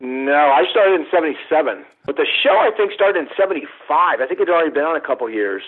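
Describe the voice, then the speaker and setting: A man's voice: a little high, animated, quick pace, breathy edge. A man in his fifties, a guest photographer, telling old stories in a rambling way. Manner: rambling, unsure recollection. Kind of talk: casual storytelling. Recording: tinny phone line.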